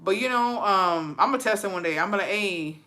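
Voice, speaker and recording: A woman livestreaming casual chat, animated and profane, switching freely between English and Spanish. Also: medium pitch, fast talker. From Texas. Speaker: livestream host. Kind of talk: casual chat reacting to viewer stories.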